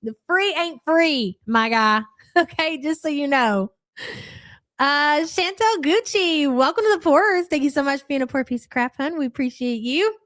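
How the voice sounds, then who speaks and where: A woman hosting a live reaction stream, making sarcastic, mocking remarks and laughing as she goes. Her voice sits fairly high. The sound is dry and close, with no room echo. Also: animated, moderate pace, a bit bright. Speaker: reaction channel host.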